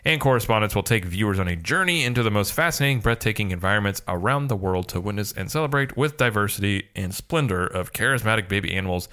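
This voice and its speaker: A man's voice: on the low side, lively intonation, bright, forceful tone, clear, resonant tone. Joking man reading podcast news. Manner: jokey, quick asides, playful exaggerated voices. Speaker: podcast co-host. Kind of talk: casual podcast chat, reading news aloud.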